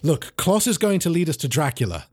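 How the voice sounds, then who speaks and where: A man's voice: a little high, big pitch swings, fairly quick, darkish tone, slightly rough. A man doing an exasperated undercover agent woman. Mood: impatient. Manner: exasperated, scolding. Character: weary female undercover agent.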